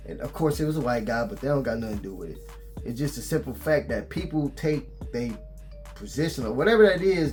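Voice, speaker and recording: A man vlogging, retelling a story in a casual, animated and exasperated way. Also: medium pitch.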